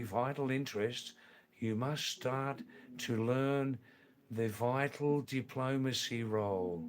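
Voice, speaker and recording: A man born in England hosting a live stream, answering viewer comments in a slow, halting way that repeats phrases. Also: medium pitch. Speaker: livestream host.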